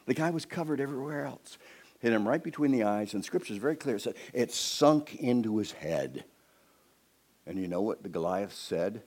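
A man preaching a sermon, retelling a story in an animated way and acting out its scenes. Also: on the low side, moderate pace.

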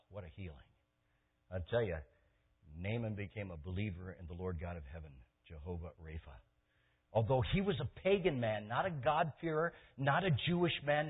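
A male preacher delivering a sermon, shifting from loud impassioned passages to soft, intimate pleading. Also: medium pitch, breathy edge. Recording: tinny phone-like sermon recording.

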